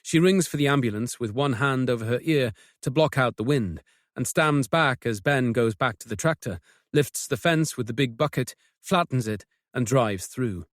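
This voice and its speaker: A man narrating a mystery audiobook with measured, tense storytelling. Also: medium pitch, expressive, no room sound, studio quality. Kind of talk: scripted narration.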